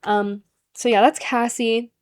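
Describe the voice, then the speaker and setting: A woman's voice: a little high, fairly even intonation, slow, darkish tone. A woman talking casually to the camera as a perfume vlogger, chatty and full of "like" and "um" fillers. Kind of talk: casual vlog monologue.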